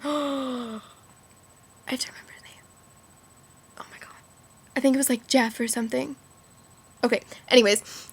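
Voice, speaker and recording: A woman's voice: high voice, fairly even intonation, normal speed, pauses often, breathy edge. A teenage girl telling rambling stories in a casual vlog, giggling often and filling her talk with "like". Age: teens. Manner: giggly, rambling, many "like" fillers. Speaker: vlogger.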